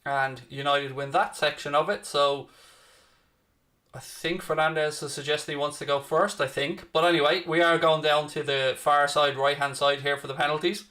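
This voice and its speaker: With a fairly high, bright voice and a forceful tone, the young host talks at normal speed with little pitch movement. It's live stream commentary and chat for a football watchalong, where he casually answers viewers by name.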